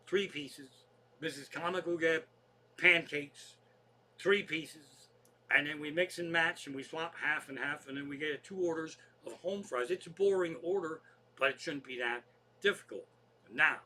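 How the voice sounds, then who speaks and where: A man's voice: fairly high pitch, pushed and bright, a little hiss or hum. A man hosting his own comedy show, rambling through stories in a casual monologue and swearing constantly.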